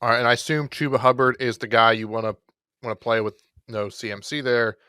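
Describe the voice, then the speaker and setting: A man co-hosting a podcast, talking through fantasy football picks in a relaxed, rambling way with self-deprecating jokes. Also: medium pitch, fairly quick, clean tone, no room sound, clean studio sound. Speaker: podcast co-host. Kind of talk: casual fantasy football chat.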